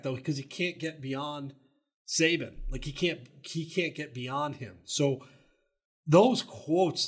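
Husky-voiced man talking sports. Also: mid-range voice. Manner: animated, loose, fast talking with many restarts. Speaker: podcast co-host. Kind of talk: casual sports talk.

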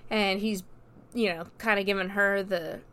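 A woman's voice: medium pitch, fairly even intonation, moderate pace, bright, forceful tone. A woman casually recapping a movie plot in a chatty, loose way, full of "like" and "you know" and freely dropping swear words. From America. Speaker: movie reviewer.

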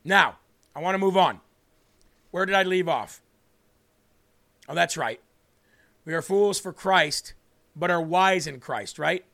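A man with a notably high voice preaches on a livestream. He teaches the Bible in an earnest, emphatic way and slows right down to read scripture. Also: gravelly, bright, forceful tone. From northern United States. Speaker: host and preacher.

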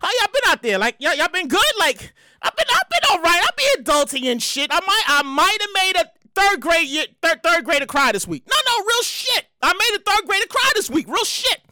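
A woman hosting her own podcast in a casual solo monologue, loud, hyped, profane and rambling, often repeating herself. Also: very high voice, big pitch swings, brisk, no room sound, studio quality. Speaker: podcast host.

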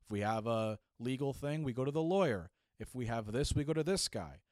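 A man's voice: medium pitch, brisk, dry recording, clean studio sound. A young man telling a funny story casually, acting out the people in it with lots of fillers. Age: young adult. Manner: animated, acts out voices, casual filler. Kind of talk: comedic storytelling.

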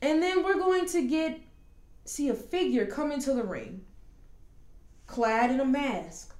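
A woman hosting a casual podcast, talking animatedly and quickly with plenty of asides. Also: high-pitched, animated, a little mellow. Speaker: podcast host. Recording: roomy echo.

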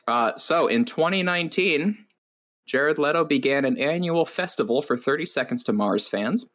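A man's voice: fairly high pitch, lively intonation, moderate pace, fairly bright tone. A man co-hosting a podcast, telling stories in a wry, rambling way with lots of filler words. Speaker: podcast co-host. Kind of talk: casual chat.

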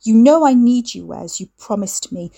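A woman's voice: medium pitch, expressive, normal speed, gravelly, husky. A woman reading the lines of a needy young woman who turns cold and accusing. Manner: accusing, sharp, clingy. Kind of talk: audiobook dialogue reading.

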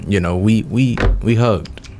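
A man's voice: fairly low pitch, unhurried, background noise. A young man co-hosting a podcast in casual, profane, joking banter. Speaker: podcast co-host.

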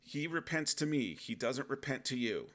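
A man voicing Jesus as a calm, firm figure who plainly tells off his listener as son, in a bright voice. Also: medium pitch, normal speed, close to an everyday voice. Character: calm, firm male Jesus, mildly scolding.

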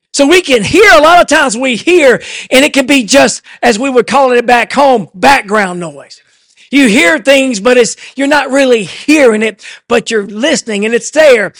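A man preaching a sermon in a church, swelling to emphatic shouts and then dropping to a low, hushed delivery. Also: dry recording, studio quality.

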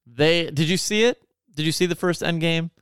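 A man's voice: on the high side, normal speed, a bit bright, smooth, dry recording, clean studio sound. A man in casual chat, telling stories in a profane, sarcastic rant. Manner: profane, ranting, sarcastic storytelling.

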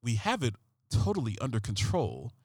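Man doing a deadpan TV cop voice, low, hushed, slow, dramatic pauses, dry close sound. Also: dry recording. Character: hushed, gravelly-toned TV crime detective man, deadpan.

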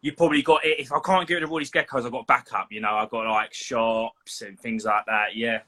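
An easygoing man hosting a casual podcast, rambling through his explanations. His voice is bright and forceful, at a middle pitch. He laughs along readily. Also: steady tone, fairly quick. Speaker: podcast host.

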